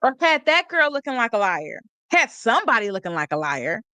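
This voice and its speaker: A woman's voice: a little high, sing-song, fairly quick, sharp tone, dry recording. A woman hosting a live stream, talking about a court case in a casual, sarcastic way, laughing often and reading out chat comments. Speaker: livestream host.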